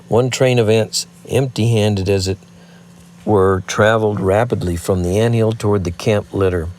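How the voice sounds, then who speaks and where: A man with a lowish voice narrates an audiobook, reading the script in a measured, even way.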